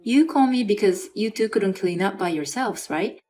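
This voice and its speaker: A woman's voice: mid-range voice, lively intonation, normal speed, mellow, faint music behind, close to an everyday voice. A woman voicing an injured young wife who is fed up with her husband and mother-in-law. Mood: indignant. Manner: indignant, sarcastic.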